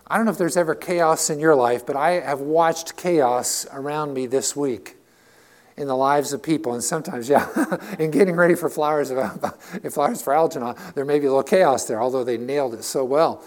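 A man's voice: fairly high pitch, normal speed. Passionate middle-aged man preaching. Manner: passionate and conversational, swinging between loud emphasis and quiet asides. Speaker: pastor. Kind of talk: sermon.

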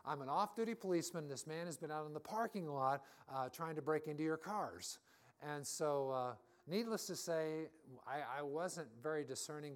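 A middle-aged man, a pastor, giving a conversational sermon and telling personal stories to his congregation. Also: a little high. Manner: storytelling, personal anecdotes.

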